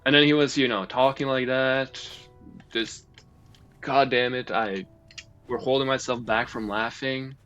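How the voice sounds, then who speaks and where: Male storyteller, middle pitch, swears and rambles through indignant asides, dull sound with faint music behind. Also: fairly even intonation, unhurried, fairly bright tone, clear, resonant tone. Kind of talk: casual storytime rant.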